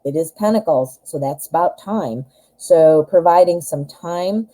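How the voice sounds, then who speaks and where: Low, mellow-voiced woman reading tarot. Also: unhurried, rough recording. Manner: chatty, advising directly, frequent fillers. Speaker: tarot reader. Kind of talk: casual pick-a-card tarot reading to camera.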